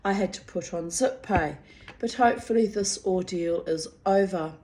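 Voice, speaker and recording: A woman's voice: fairly low pitch, moderate pace, a little mellow, a little hiss or hum. A woman telling a personal story in a casual, candid way, often breaking into giggles and swearing freely. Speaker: storyteller reading her own diary.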